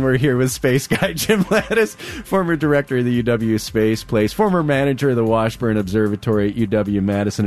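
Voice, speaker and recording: A man's voice: fairly low pitch, darkish tone. Easygoing man hosting radio call-in show. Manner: easygoing, chuckling, conversational. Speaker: radio talk show host. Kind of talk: live call-in radio talk. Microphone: studio microphone.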